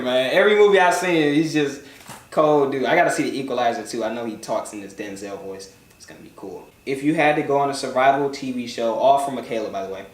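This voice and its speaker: A young man's mid-range voice, brisk and lively in intonation, comes through a roomy, distant recording with faint background noise. He's casually answering questions from viewers in a joking vlog, swearing often and drifting off into mumbles.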